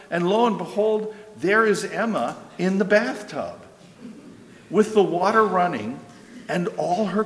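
A man's voice: on the high side, fairly bright tone. A middle-aged male pastor preaching a sermon in a conversational way, often checking in with "right?". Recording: echoey hall with long reverb.

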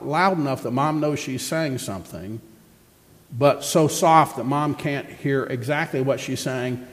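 A man preaching a sermon as pastor, telling stories in a conversational way and asking the congregation questions. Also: medium pitch. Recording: echoey hall reverb.

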